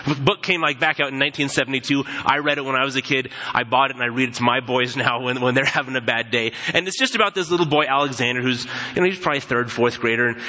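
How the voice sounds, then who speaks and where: A man's voice: mid-range voice, sharp tone. A man preaching a sermon in a casual, conversational way, telling stories and acting out quoted voices as he goes. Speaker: pastor. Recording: long hall reverb.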